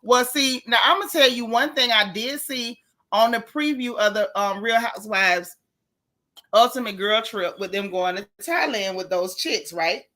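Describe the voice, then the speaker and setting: Woman livestream host, bright forceful voice, higher pitch, chatty, greets viewers by name. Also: normal speed. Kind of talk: casual livestream chat.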